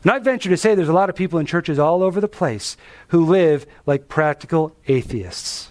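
A man with a noticeably high voice delivers an expository sermon as a pastor. He talks to the listeners conversationally, leaning on emphasis and rhetorical questions to drive his points home. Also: expressive, normal speed.

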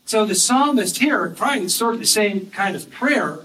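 A man delivers a sermon in a fairly high voice, reading scripture slowly and with earnest emphasis. He sounds set back from the mic, with a faint hiss of noise behind him. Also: expressive, sharp tone, recorded from a distance, poor audio. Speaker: preacher.

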